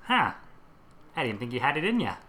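A man voicing Agnes, an older woman who is blunt and sly, with a gruff, nerdy gangster-like delivery. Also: medium pitch, big pitch swings, fairly quick, bright, forceful tone.

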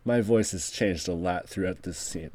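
A man's voice: low voice, moderate pace, darkish tone, pitched below the performer's own voice. A man improvising a scheming casino boss in a tabletop role-play, talking bluntly in rambling bursts with self-mocking asides. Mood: bossy.

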